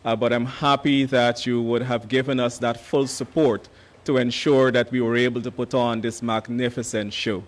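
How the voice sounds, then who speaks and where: A hoarse man, an education official giving a formal ceremony speech, measured and pausing often on fillers. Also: mid-range voice, flat delivery.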